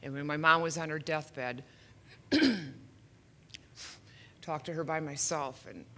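A woman in her fifties shares her testimony at a church service, her voice bright and forceful. She speaks earnestly and emotionally, a touch nervous, and slips in self-deprecating humor. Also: low voice, fairly even intonation, slow pace, a little hiss or hum. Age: 50s. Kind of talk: personal testimony.

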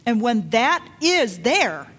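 A middle-aged woman preaching a sermon, emphatic, dropping to hushed lines and rising to loud urgent calls. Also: a little high, sing-song, slow pace, breathy edge. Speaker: pastor.

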